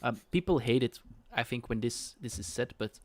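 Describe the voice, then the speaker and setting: A man's voice: medium pitch, animated, moderate pace, no room sound. A man co-hosting a casual game development podcast chat, talking loosely with frequent restarts. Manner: chatty, with frequent restarts and laughs. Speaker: co-host.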